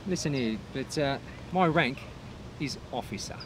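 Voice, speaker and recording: A man playing a fed-up male police officer who rants gruffly. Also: medium pitch, animated, a little slow, a little hiss or hum, voice pushed down, close to an everyday voice. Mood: exasperated.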